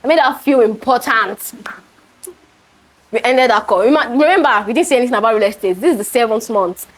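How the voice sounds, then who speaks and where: A real estate sales trainer with a Nigerian accent gives a training talk in a slightly high, fairly quick voice. She tells stories animatedly, acts out the dialogue, and laughs often. The recording is rough.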